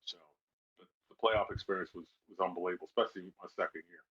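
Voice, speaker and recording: A middle-aged man, a former football player, telling lively stories in a casual interview and acting out the people he quotes. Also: low-pitched, quick pace, breathy edge. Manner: animated storyteller who acts out quoted voices. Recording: slightly dull lo-fi sound.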